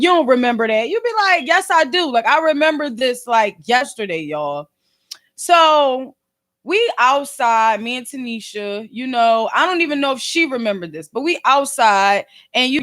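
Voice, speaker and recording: A woman in her thirties with a Philadelphia accent, casually telling a story straight to her viewers in animated, slangy talk. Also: sits high. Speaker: podcast and video host.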